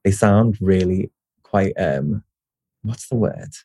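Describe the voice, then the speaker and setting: Young Liverpudlian man, mellow low voice, chatty and tangent-prone, dry close sound. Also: slow, breathy edge, no room sound. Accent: Scouse. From Liverpool, England. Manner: rambling, self-interrupting, swears casually, lively. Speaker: poet, guest. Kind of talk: casual interview chat.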